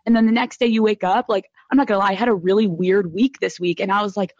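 A woman in her twenties hosts a live podcast room and tells her stories in a candid, animated way, swearing freely. Her voice is dry and close, with a dull, lo-fi band. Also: mid-range voice, fast talker, no echo. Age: 20s. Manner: candid, profane, animated storytelling. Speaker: podcast host. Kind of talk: casual live podcast chat.

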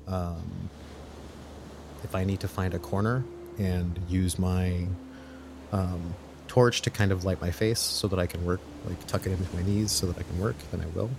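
A man with a low voice plays a tabletop horror game. He talks through each of his character's actions step by step in a deliberate, thinking-aloud way. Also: fairly even intonation, creaky, noisy background. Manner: deliberate, plans his character's moves out loud. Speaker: player.

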